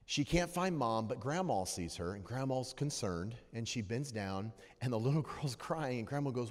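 A man preaching a sermon in a church, moving from hushed storytelling to loud, rousing exhortation. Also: mid-range voice, expressive, a little fast. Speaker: guest preacher. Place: church sanctuary. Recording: long hall reverb.

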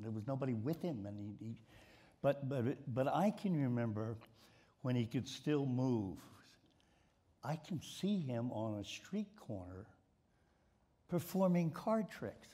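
An older sports writer from Baltimore, with a mid-Atlantic American accent, tells stories as a guest in a stage conversation before a live audience, often repeating words. His mid-range voice is expressive, mellow and slightly rough, at a measured pace.

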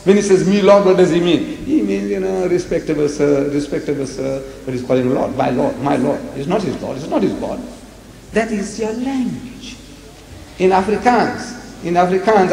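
A man's voice: a little high, mellow. A man from Africa, giving a public lecture to a live audience with rhetorical questions and acted-out dialogue. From South Africa. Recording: echoey hall with long reverb, faint noise.

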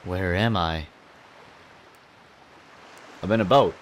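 A man giving excitable, jokey commentary while playing a video game, often yelping and exclaiming. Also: low voice, moderate pace, long pauses, a little hiss or hum. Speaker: let's play host. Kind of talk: gameplay commentary.

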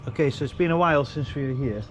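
A man's voice: mid-range voice, fast. A man who works as a bricklayer, talking bluntly and loosely to a handheld phone on an outdoor building site, swearing often. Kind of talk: casual site vlog. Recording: noisy outdoor site audio.

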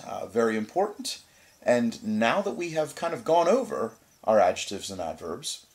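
Lively low-voiced male teacher. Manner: patient, explains step by step with questions and answers; frequent "certainly" and "uh" fillers. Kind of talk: recorded grammar lesson.

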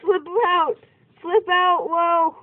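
Her voice is very high-pitched and extremely slow as she gives casual let's-play commentary, excitably yelping and exclaiming at each in-game surprise. The recording is dry and tinny like a phone, with no echo.

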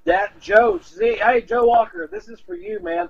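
A man who directs films, telling relaxed anecdotes in an interview and quoting others along the way. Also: very high voice, unhurried, creaky, highs cut off. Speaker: film director and producer. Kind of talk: casual interview storytelling.

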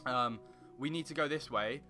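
A young man commenting on his own gameplay in a rambling, excitable way, breaking into panicky yelps. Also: mid-range voice, moderate pace, soft background music. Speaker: gaming channel host. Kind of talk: casual let's play commentary.

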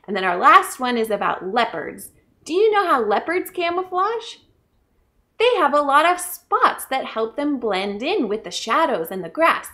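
A woman leads a children's story time, singing short verses and explaining. Her voice sits a bit high. She is upbeat and encouraging. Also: fairly bright tone. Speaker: children's librarian.

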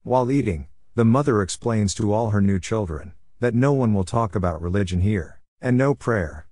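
A man narrating a plot recap in a steady, even voice with simple phrasing. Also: fairly low pitch, no echo, clean studio sound.

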